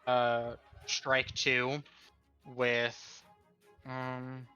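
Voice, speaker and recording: Man player, careful, apologetic, flat bright voice. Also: medium pitch, drawn-out words, smooth, highs cut off, soft background music. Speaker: tabletop game player. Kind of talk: casual play at the table.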